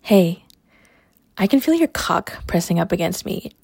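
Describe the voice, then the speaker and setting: A woman's voice: on the low side, sing-song, measured pace, creaky, a little mellow, slightly rough, dry recording, clean studio sound. A young adult woman performing a scripted audio role-play, teasing and mocking with frequent laughter. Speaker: college athlete character in an audio role-play.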